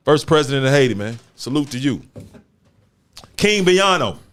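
This talk show host is a man with a mid-range, fairly bright voice that swings widely in pitch at a normal speed. His casual chat comes out emphatic and slangy, with words repeated for stress.

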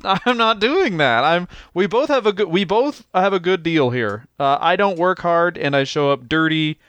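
A man's voice: on the high side, expressive, moderate pace, a bit bright, clean tone, no room sound. A man co-hosting a comedy podcast, chatting casually in a profane, joking way and laughing often. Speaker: podcast co-host.

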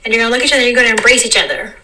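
Woman vlogger, fairly high bright voice, rambling reflective monologue, mic a bit distant. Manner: meandering, repeats phrases, slows down to stress words.

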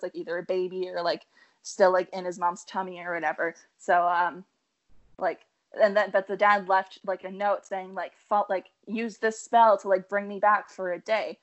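A woman's voice: mid-range voice, muffled recording. Young woman, co-host, bubbly, laughs often, filler-heavy casual talk. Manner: bubbly, giggly, many "like" fillers. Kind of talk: casual chat.

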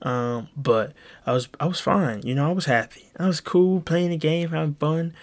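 A man's voice: on the high side, moderate pace, no echo. A young man hosting a solo podcast, telling a heated story in a rambling, profane way. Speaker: podcast host. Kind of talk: casual solo podcast monologue.

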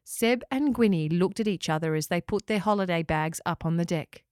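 A woman narrating a children's story and hosting her podcast in a calm, gentle way. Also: lowish voice, moderate pace, smooth, dry recording, clean studio sound.

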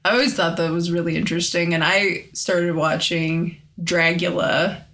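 A woman's voice: on the low side, steady tone, normal speed, fairly bright tone. A young woman co-hosting a podcast, chatting casually and explaining things in detail with lots of "like". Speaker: podcast co-host. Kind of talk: casual chat.

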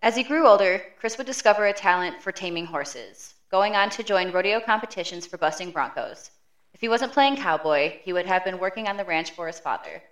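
A woman co-hosting a true crime podcast, reading a prepared case summary in a steady, matter-of-fact way. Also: medium pitch, fairly quick. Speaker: podcast co-host.

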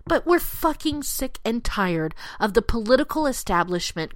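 A woman's voice: fairly high pitch, big pitch swings, normal speed, hardly any pauses, no room sound, clean studio sound. A woman delivering an angry, sarcastic, profane political rant, punching out short lines.

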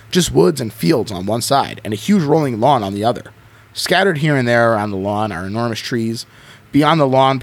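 A man hosting a podcast, reading a choose-your-own-adventure book aloud in an expressive way and breaking off to chat. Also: medium pitch, creaky, breathy edge. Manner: expressive reading with frequent laughs. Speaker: podcast host.

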